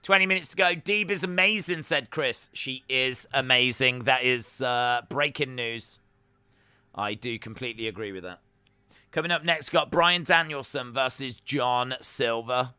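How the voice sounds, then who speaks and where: A man hosts a live reaction stream, chatting casually, joking, and often pausing on an "uh." His medium-pitched voice is very bright, forward and crisply clean, recorded close and dry with no room sound.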